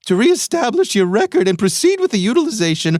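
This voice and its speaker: A man putting on a crazy, overwrought voice to read out a scam email with shrill, overemphatic delivery. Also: big pitch swings, fast talker, darkish tone, no room sound, clean studio sound. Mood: mock dramatic. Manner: shrill, overemphatic mock reading.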